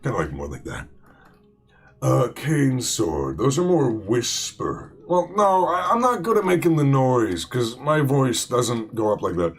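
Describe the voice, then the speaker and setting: Gravelly guy rambling thru a let's play, lots of uh and like, pitch all over, music low behind. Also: very animated, a little slow. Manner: rambling, full of fillers and restarts. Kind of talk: casual gaming commentary.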